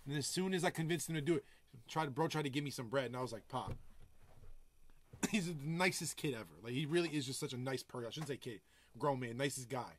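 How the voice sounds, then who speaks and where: A man producer chatting casually on a live stream, telling loose stories full of swearing and giving hyped shout-outs to viewers. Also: medium pitch, brisk, a little hiss or hum. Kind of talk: casual livestream chat. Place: home music studio.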